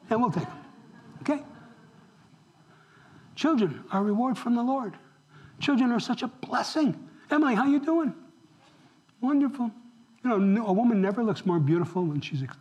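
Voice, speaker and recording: High-pitched preacher guy, lively, keeps asking the room questions. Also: low-quality recording. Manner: animated, asks the congregation questions. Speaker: pastor. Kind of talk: sermon.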